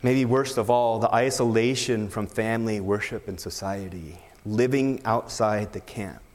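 A man's voice: fairly low pitch, steady tone, moderate pace, a little mellow, long reverb tail. A man preaching a sermon, emphatic, with rhetorical questions. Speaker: pastor.

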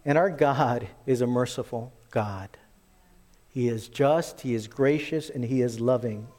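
A man preaching a sermon, animated in his storytelling and acting out the quoted voices. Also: medium pitch, measured pace. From lived in Texas. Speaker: pastor.

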